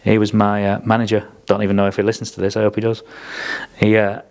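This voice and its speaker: A man's voice: on the low side, completely flat delivery, fast talker, darkish tone. A man telling blunt, sweary stories in a casual podcast chat. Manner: blunt, sweary storyteller who acts out quotes. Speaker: podcast speaker.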